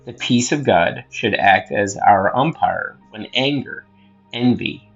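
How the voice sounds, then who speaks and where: A man hosting his own channel, reading scripture aloud in a measured, earnest way and adding a casual word study. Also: on the low side, lo-fi sound. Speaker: host and scripture reader.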